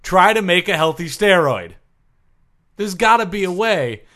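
A man co-hosting a comedy sports podcast in casual banter. He is goofy and contrarian, and his voice sits a little high. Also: expressive, a little slow, fairly bright tone.

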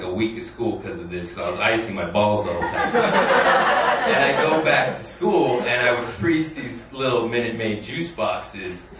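A man's voice: medium pitch, fairly bright tone. A man doing stand-up, telling a rambling, crude, self-deprecating story and chuckling through his lines. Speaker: stand-up comedian. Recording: echoey room from a distance, noisy.

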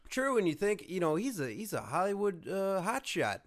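A man with a fairly high voice co-hosts a comedy podcast. He rambles playfully and casually, with plenty of filler. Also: big pitch swings, normal speed. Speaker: podcast co-host.

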